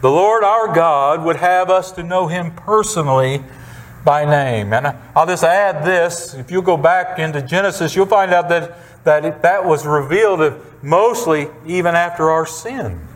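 Slow, deliberate male preacher. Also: a little high. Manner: deliberate, emphatic, repeats key phrases. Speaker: pastor. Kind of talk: sermon.

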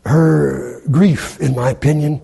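A man preaching a sermon in a dramatic way, acting out quoted speech in loud, high bursts. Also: steady tone, takes it slowly, gravelly, breathy edge. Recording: long hall reverb.

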